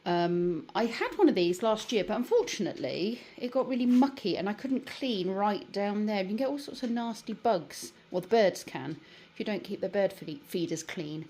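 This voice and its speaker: This British vlogger talks casually to the camera at home and in her garden, rambling somewhat with fillers, tired and yawning. Her medium-pitched voice has a dark tone and lively intonation, at normal speed.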